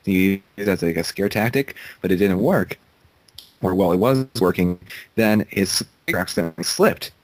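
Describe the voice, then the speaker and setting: A man's voice: deep voice, animated, normal speed, no echo, low-quality recording. A young man co-hosting a casual podcast, telling a rambling story full of restarts. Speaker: podcast co-host. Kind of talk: casual chat.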